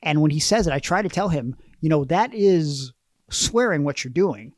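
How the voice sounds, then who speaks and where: A man's voice: fairly high pitch, expressive, moderate pace, no room sound. Rambling self-mocking man, dry close mic. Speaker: podcast co-host. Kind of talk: casual chat.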